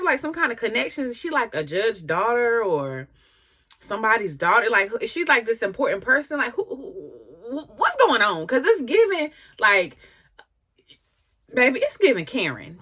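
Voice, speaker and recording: A woman reads texts aloud to her viewers in casual gossip commentary, sassy and animated, stopping to laugh and talk back between readings. Her voice is bright and forceful, swinging widely in pitch.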